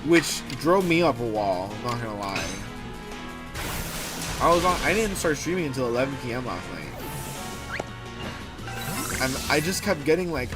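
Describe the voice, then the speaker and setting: A man's voice: medium pitch, expressive, normal speed, long pauses. A man hosting a livestream and chatting casually, ranting animatedly and swearing freely. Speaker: livestream host. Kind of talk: casual stream chat. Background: music.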